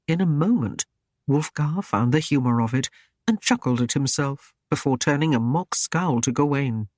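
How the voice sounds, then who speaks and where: A man narrating a historical romance audiobook in a measured, even storytelling manner. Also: mid-range voice, no echo, clean studio sound. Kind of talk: scripted narration.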